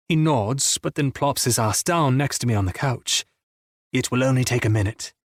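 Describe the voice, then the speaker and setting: A man's voice: mid-range voice, moderate pace, no echo, clean studio sound. A man narrating a first-person romance audiobook in an intense, emotional reading.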